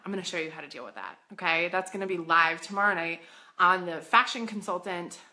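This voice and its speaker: A woman coaching boutique owners in a casual live stream, bubbly and excitable, chatty and full of "like.". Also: fairly low pitch, a little fast. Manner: chatty, says "like" often.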